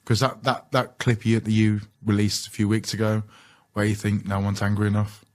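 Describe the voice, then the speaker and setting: Low-voiced male interviewer. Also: little pitch movement, moderate pace. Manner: agreeing, encouraging. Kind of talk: casual interview chat.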